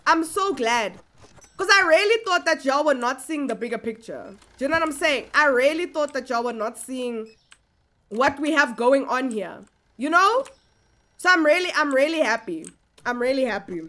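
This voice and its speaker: Lively high-voiced woman. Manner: animated, exclaiming, chatting to viewers. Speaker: gaming streamer. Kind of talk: casual gameplay commentary.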